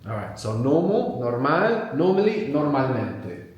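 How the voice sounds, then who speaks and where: A language teacher with a mid-range voice leads a live workshop before an audience in a large, very echoey hall, and the lo-fi sound makes his voice bounce around the room. Animated, he draws words out slowly and repeats them so they stick.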